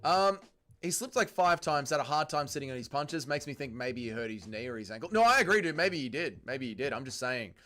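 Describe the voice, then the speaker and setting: A young Australian man hosting a casual livestream, reading out viewer comments with loud laughter and plenty of swearing. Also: medium pitch, expressive, a little fast. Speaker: livestream host.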